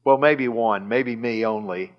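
A man's voice: mid-range voice, a little slow, muffled recording. A man preaching a sermon in church, retelling a scripture story animatedly with chuckles and repeated phrases. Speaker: pastor. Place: church service.

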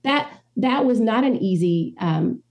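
A middle-aged ghostwriter from the American Midwest tells stories in a conversational interview, her voice on the high side and her pace measured. She's an animated storyteller who acts out what the people in her stories said.

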